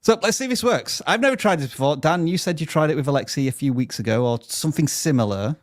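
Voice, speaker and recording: A man's voice: fairly high pitch, animated, fast talker, no echo, clean studio sound. A man hosting a live stream, reading out viewer questions in an upbeat, chatty way and stumbling over unfamiliar names. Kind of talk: live channel-review stream.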